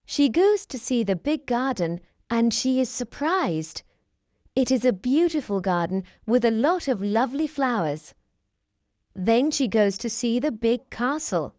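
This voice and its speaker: Female narrator for a graded reader; clear, deliberate, slightly high. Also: sing-song, a little mellow, no room sound. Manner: clear, deliberate reading for learners.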